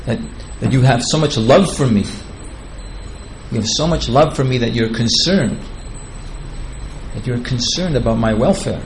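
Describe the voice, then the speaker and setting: A man's voice: mid-range voice, a little slow, pauses often, a little hiss or hum, poor audio. A man giving a devotional lecture, retelling scripture in a chatty, digressive way and chuckling at his own asides. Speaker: spiritual teacher.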